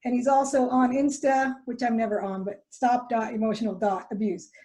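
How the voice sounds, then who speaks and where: A woman's voice: on the high side, steady tone, normal speed, dark tone. A woman hosting a podcast interview, chatty and casual, talking with fillers and restarts. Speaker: podcast host.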